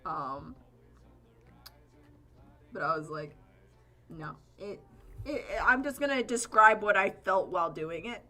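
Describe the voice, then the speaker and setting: Female streamer, bright voice; loose, chatty, profane live-stream banter while drawing. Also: mid-range voice, lively intonation, measured pace, pauses often. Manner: rambling, chatty, swears freely.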